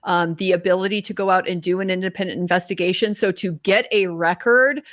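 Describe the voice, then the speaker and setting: Measured woman explaining legal procedure. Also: lowish voice, steady tone, no echo, studio quality. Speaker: lawyer panelist. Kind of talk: live panel commentary.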